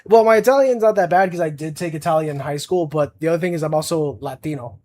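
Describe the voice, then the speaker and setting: A man's voice: fairly high pitch, fast talker, a little mellow. A young man chatting casually on a livestream as an art streamer, rambling with lots of fillers and restarts.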